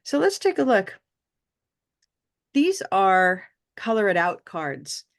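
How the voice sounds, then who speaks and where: A woman leads an online pronunciation class, speaking through a video call mic. She praises her students warmly and stretches out vowel sounds so they can copy them. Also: mid-range voice, big pitch swings, creaky. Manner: encouraging, models vowel sounds slowly. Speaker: pronunciation teacher.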